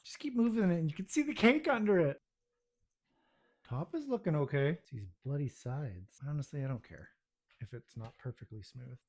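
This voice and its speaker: A man's voice: fairly high pitch, animated, normal speed, a little mellow. A man narrating his own home baking video, muttering to himself with self-deprecating exasperation as things go wrong in his kitchen.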